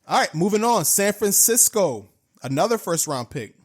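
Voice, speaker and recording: Man, upbeat sports talk, slightly higher voice, conversational, repeats words. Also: big pitch swings, moderate pace, breathy edge. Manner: upbeat, conversational, repeats himself when unsure. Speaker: co-host. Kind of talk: casual sports chat.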